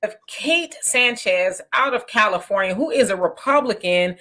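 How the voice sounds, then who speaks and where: A woman's voice: medium pitch, expressive, moderate pace, sharp tone. Wry woman presenting the news. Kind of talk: news commentary.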